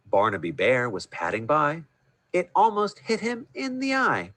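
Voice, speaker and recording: A man reading a rhyming Christmas picture book aloud in a sing-song, expressive way over a video call. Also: a little high, unhurried, dry recording. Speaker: storyteller.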